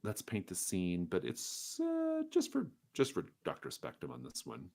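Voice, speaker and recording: A man with a very deep voice runs a tabletop game, painting scenes with loose, chatty description. He narrates at an easy pace. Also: huge pitch swings, moderate pace, creaky, darkish tone, breathy edge. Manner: descriptive, with fillers and restarts. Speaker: game master.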